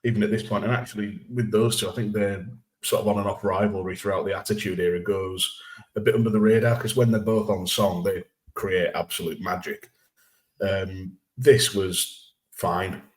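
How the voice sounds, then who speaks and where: A man guesting on a casual podcast, giving dry, measured opinions. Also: low voice, steady tone.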